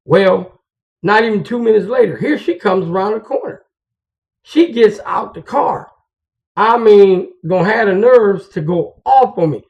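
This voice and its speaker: A man's voice: high-pitched, expressive, unhurried. A man, a truck driver, telling stories and giving advice to fellow drivers in a casual, slangy, confiding way. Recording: dull lo-fi recording.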